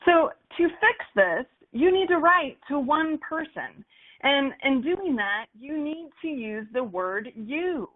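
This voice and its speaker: A woman with a fairly high voice teaches in an upbeat, animated way. She acts out playful examples as she explains. The sound is thin and narrow, like it came down a phone line. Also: slow pace. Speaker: marketing instructor for golf courses. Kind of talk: webinar lesson on copywriting.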